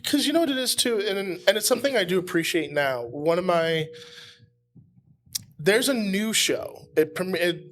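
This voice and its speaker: A man hosting a podcast, talking in quick, chatty casual conversation full of "like". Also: high voice, lively intonation, fairly bright tone. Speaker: podcast host.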